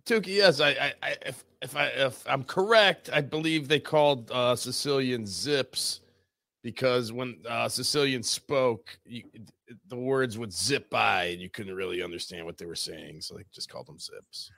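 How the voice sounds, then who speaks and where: A man's voice: medium pitch, moderate pace, vocal fry, a bit bright, dry recording, clean studio sound. A man co-hosting a comedy podcast, talking in a hesitant, stammering way. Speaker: podcast co-host.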